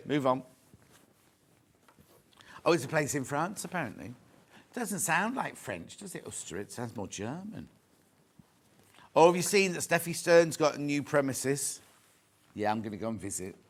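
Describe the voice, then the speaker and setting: A chatty English man hosts a live shopping broadcast from a studio. His voice sits a little high and swings widely as he jokes and reads out viewer messages. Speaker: shopping channel presenter. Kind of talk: live home shopping chat.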